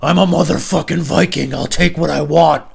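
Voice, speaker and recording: A man voicing his drunk male friend, shouting threats in a raised, boastful voice. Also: a little high, steady tone, moderate pace, vocal fry, slightly rough, voice pushed up, heavily acted. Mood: menacing boast.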